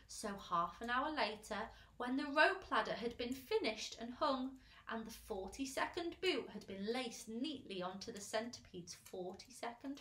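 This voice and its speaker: Expressive woman teacher reading a storybook. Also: mid-range voice, reverberant. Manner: expressive read-aloud, pausing to show pictures. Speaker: infant school teacher. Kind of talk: reading a storybook aloud to children.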